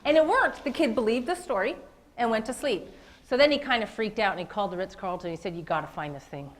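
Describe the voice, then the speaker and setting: A woman's voice: a little high, lively intonation, fast talker, slight background noise, rough recording. A woman giving a motivational keynote speech, speaking earnestly and directly to her listeners. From lives in Las Vegas.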